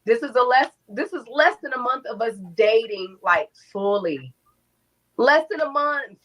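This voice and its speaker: A young adult woman telling her own story in an interview, animated, acting out quotes and swearing freely. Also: a little high, measured pace, poor audio.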